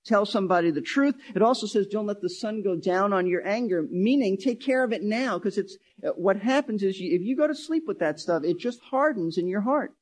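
A man with a notably high-pitched voice preaches to his congregation. He drives points home by repeating key phrases, speeding up and slowing down for emphasis. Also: animated. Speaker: pastor. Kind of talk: sermon.

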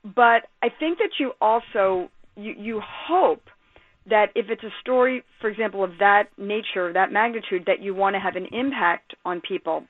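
A woman sports journalist, a guest telling stories on a radio show in an animated, emphatic way. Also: mid-range voice, moderate pace. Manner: animated storyteller, lively and emphatic. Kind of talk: phone-in radio interview. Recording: tinny phone line.

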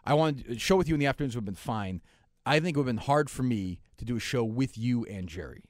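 A middle-aged man hosting sports talk radio, quick and sarcastic, swearing casually as he tells stories. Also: medium pitch, expressive, no echo, studio quality.

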